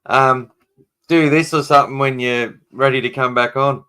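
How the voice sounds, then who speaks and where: Australian man, bright tone, quick chatty podcast host. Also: medium pitch, steady tone, smooth. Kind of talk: casual chat.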